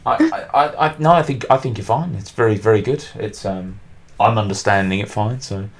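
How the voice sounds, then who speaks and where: A man hosts a casual podcast chat in a lowish voice. He rambles through his points with plenty of restarts and fillers. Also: a little fast. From England. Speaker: podcast host.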